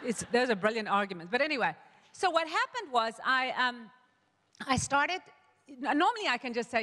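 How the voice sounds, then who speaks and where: In a church hall, a woman pastor preaches with a slightly high, bright voice, and a long echo follows each phrase. Her sermon is a personal story told loosely and chattily, full of restarted sentences and quotes of her own words. She speaks at a normal speed in a sing-song way.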